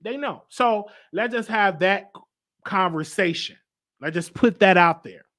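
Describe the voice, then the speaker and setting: A man's voice: sits high, unhurried, fairly bright tone. A man hosting a live online show, talking casually and emphatically, repeating himself and reading out viewer comments. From United States. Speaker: host.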